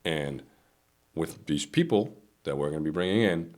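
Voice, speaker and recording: A man's voice: lively intonation, normal speed, a little mellow. A man hosting a casual business podcast, telling workplace stories and acting out quotes in a raised voice. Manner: storytelling, acts out quotes in a higher voice, repeats himself. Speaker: podcast host, business owner.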